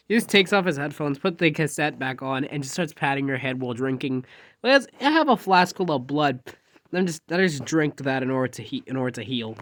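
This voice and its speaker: A man's voice: on the high side, lively intonation, fairly quick, fairly bright tone, no room sound, studio quality. A man casually telling a rambling fan story, jumping animatedly into quoted dialogue.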